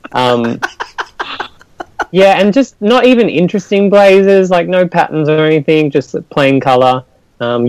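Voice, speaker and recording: A man's voice: medium pitch, darkish tone, smooth, dry recording, rough recording. A man with an Australian accent co-hosting a podcast, hesitant with dry humour. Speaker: podcast co-host. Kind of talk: casual podcast chat.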